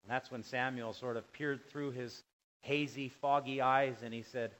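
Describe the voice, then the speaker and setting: A middle-aged man delivers a sermon at a mid-range pitch. He swings between loud, raised emphasis and low, hushed asides. The delivery is steady and earnest. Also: moderate pace, a little hiss or hum, low-quality recording. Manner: animated preaching, voice rising and dropping for emphasis. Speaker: pastor.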